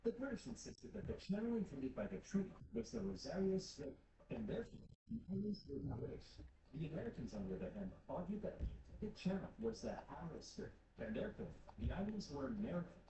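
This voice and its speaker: A man's voice: sits high, animated, a little fast, creaky. A man narrating comic history in a wry, mock-dramatic way. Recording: echoey, distant, very noisy.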